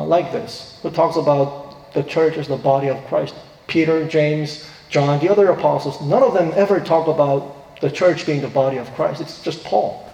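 A man's voice: on the high side, gravelly, darkish tone. A male pastor preaching a sermon in a church, earnest, his voice rising when he quotes scripture. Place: church sanctuary. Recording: echoey hall, distant reverb.

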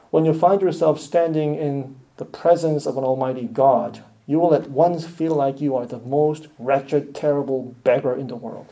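A man preaching a sermon earnestly, rising to loud emphatic lines and dropping to quiet, hushed ones. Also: on the high side. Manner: earnest, swells loud then drops to near-hushed lines.

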